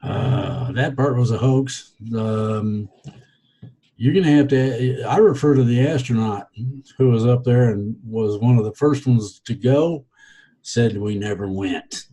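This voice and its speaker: A man's voice: mid-range voice, a little slow, mellow, slightly rough, rough recording. A man giving casual podcast answers, hesitant and rambling with many fillers and a dry, wry humor. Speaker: guest.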